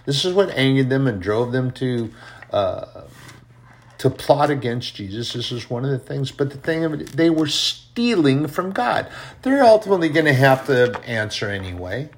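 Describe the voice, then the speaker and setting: A man's voice: mid-range voice, sing-song, normal speed. A man preaching a fervent sermon on his own podcast, repeating phrases for emphasis.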